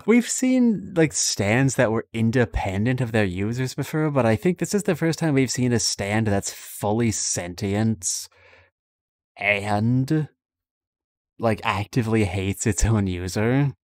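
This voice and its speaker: A man's voice: lowish voice, animated, measured pace, no echo. A man chatting casually during a watchalong stream, making dry jokes about the show. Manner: dry, joking commentary.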